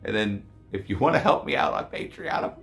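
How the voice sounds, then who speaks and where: Profane rambling male vlogger, slightly hoarse, animated pitch swings. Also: brisk, faint music behind. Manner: profane, rambling, swings between loud rants and mumbles. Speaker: YouTube collector vlogger. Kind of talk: casual profane vlog.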